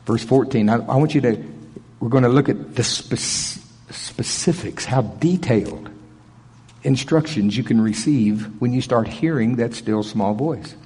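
A man's voice: mid-range voice, measured pace, dark tone, slightly rough. A middle-aged man preaching a conversational sermon, telling stories in a folksy, plainspoken way and chuckling often. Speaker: pastor. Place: large auditorium. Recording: long reverb of a big auditorium.

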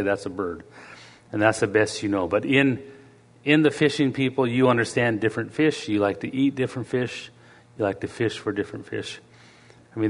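A man's voice: lowish voice, long reverb tail. A middle-aged man preaching a sermon in a church, talking in a conversational way and asking the congregation questions.

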